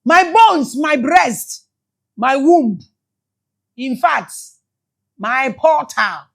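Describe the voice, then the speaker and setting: A Ghanaian woman giving emotional spiritual commentary, shouting exclamations and switching between English and Twi. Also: high-pitched, animated, extremely slow, vocal fry, long pauses. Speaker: spiritual teacher.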